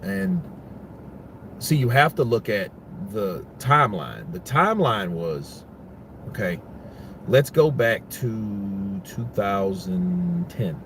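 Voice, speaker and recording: A man's voice: fairly low pitch, sing-song, slow pace, fairly bright tone, a little hiss or hum. A man giving casual, rambling boxing commentary, full of profanity and restarts.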